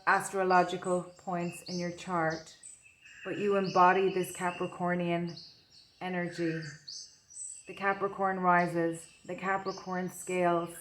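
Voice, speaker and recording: Slow, dreamy woman reading tarot. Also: on the low side, fairly bright tone, slight background noise. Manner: slow, dreamy, gushing with wonder. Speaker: tarot reader.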